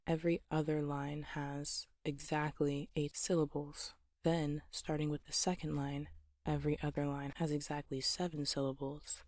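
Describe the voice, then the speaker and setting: Host for a poetry lesson: soft, half-whispered, unhurried delivery, level and even tone, dry close sound. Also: mid-range voice, no echo. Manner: soft, often slipping into a whisper; gentle, patient explaining with light laughs.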